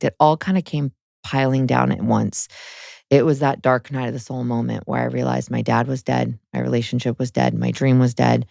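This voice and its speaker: A woman's voice: very deep voice, gravelly, a little mellow, dry recording, clean studio sound. A woman in her thirties, a guest on an interview show, telling her personal story frankly and emotionally, with many "like" fillers. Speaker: guest, spiritual guide.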